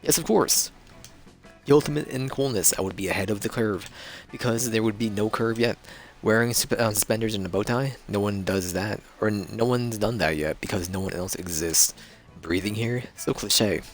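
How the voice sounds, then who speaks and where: A man's voice: on the low side, close to an everyday voice. A man voicing a snobbish young hipster vampire, reading game dialogue in a smug, drawling way. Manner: smug, drawling, self-satisfied.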